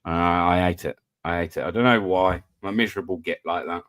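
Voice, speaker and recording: In casual banter over online voice chat, a British live-panel host tells stories that poke fun at himself. He has a low-pitched voice that's a little fast and a bit bright, with no echo.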